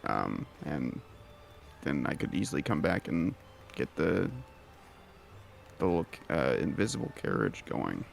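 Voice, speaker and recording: A man playing a tabletop game in casual chat, easygoing and halting. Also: extremely low pitch, big pitch swings, vocal fry, soft background music. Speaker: player. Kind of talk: casual tabletop role-play.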